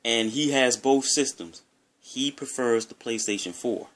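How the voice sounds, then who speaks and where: A man from Maryland with a local accent speaks casually to his viewers. His voice sits at a middle pitch, and he rambles and circles back on his points in an easygoing, unscripted way. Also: a little slow, fairly bright tone. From Maryland, USA. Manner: rambling, conversational, repeats himself. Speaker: gaming vlogger. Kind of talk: casual talk to camera.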